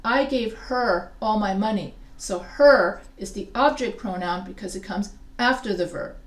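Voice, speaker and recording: A woman's voice: medium pitch, unhurried. Female writing instructor, patient explainer, recorded from afar in a roomy classroom. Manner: explains step by step, quizzes students. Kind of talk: live grammar lesson. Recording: echoey classroom from a distance.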